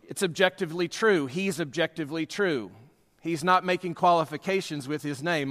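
A man's voice: on the high side, normal speed, a bit bright, long reverb tail. A man preaching a sermon as a pastor, emphatic, with his delivery rising and falling in force.

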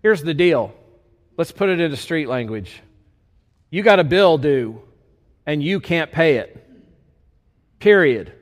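A man, a pastor, preaching a sermon in an animated, conversational way with folksy asides. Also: on the high side, slow pace, pauses often, big-room sound.

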